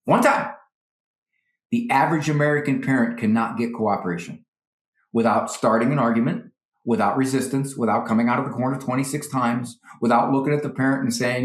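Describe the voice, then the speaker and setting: At a medium pitch and in reverberant acoustics, a male psychologist guest hands out animated parenting tips. Quick character voices for parents and children pop up often.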